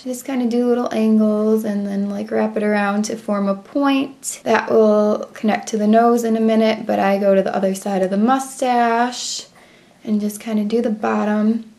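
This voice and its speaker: A woman's voice: on the high side, a little mellow. A young woman talking through a drawing tutorial in a chatty, self-commenting voice-over, pacing her words to her drawing.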